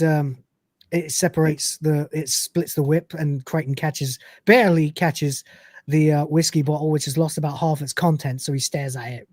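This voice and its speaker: A man's voice: a little high, a little mellow, no room sound. Chatty man rambling through a recap. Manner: chatty, rambling, laughs often. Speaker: podcast host. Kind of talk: casual episode recap.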